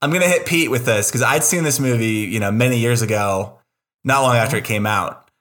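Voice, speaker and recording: A man's voice: medium pitch, a little fast, fairly bright tone. Chatty man hosting a podcast. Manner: chatty, enthusiastic, self-deprecating with frequent restarts. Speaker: podcast host. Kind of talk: casual podcast chat.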